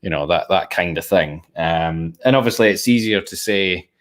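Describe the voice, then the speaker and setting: A very deep-voiced man in loose conversation. He rambles and restarts, with plenty of fillers and some swearing. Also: normal speed. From Scotland. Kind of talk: casual conversation.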